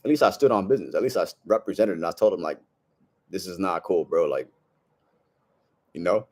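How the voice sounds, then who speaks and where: A young man with a low, slightly mellow voice talks fairly quickly in a casual monologue to camera. He tells a story in a brash, slang-heavy way, says "bro" often, and gives blunt advice as a self-improvement vlogger.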